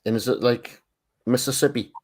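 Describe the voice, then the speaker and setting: During a casual group chat on a livestream, an art stream co-host from Tyne and Wear in Northern England keeps a medium pitch, steady tone and moderate pace. His voice has a darkish tone, and he often repeats words while searching for the right one.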